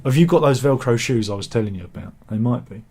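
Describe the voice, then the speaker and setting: A man's voice: mid-range voice, lively intonation, fast talker, a little mellow, husky. A man hosting a laid-back satirical news show, reading out viewer comments in casual chat. He rambles and jokes, with self-mocking asides.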